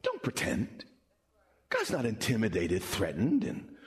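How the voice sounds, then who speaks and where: A male pastor delivering a sermon in an animated way, repeating words when he presses a point. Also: a little high, unhurried, slightly rough.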